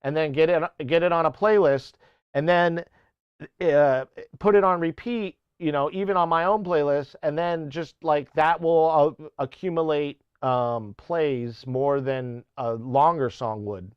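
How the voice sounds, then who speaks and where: A man rambles through a live stream in a loose, profane way, often cutting himself off and trying out silly accents. His voice sits a little high and comes across smooth. The mic is close and dry with a slightly muffled top end. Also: measured pace, no echo. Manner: rambling, swearing, self-interrupting; playful mock accents for chat. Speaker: music streamer. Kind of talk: casual live-stream chat.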